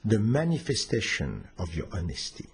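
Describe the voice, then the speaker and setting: A man voicing the calm, wise spirit of a dead old male master, lower and slower than his own voice. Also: gravelly, husky, heavily acted. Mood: solemn.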